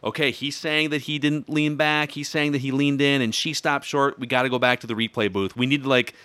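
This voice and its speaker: A man chatting casually as a podcast guest, joking and telling animated stories. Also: mid-range voice, fairly quick, clean tone, no room sound. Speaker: podcast guest, sports media personality. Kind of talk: casual chat.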